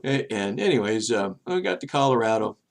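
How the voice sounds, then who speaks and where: An older man talks to the camera in a low, gravelly voice, wandering from one story to the next. He restarts his sentences often and keeps a chatty, easygoing flow, and his voice jumps up when he acts out what other people said. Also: a little fast. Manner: chatty and meandering, many restarts; animated when quoting people. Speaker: vlog host. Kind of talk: rambling personal storytelling.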